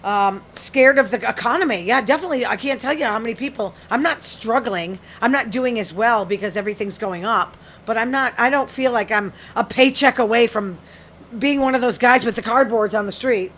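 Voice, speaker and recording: A woman's voice: fairly high pitch, a little fast, fairly bright tone, a little hiss or hum. Blunt woman riffing on news. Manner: blunt, frank, reads studies aloud and reacts with asides. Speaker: podcast host. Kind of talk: casual solo commentary reading news.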